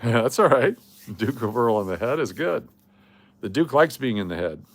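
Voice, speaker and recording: A man's voice: mid-range voice, expressive, moderate pace, no echo. A middle-aged man from Las Vegas hosting a casual coin live stream, chatting and reading viewer comments aloud. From Las Vegas, Nevada. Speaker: livestream host running coin giveaways.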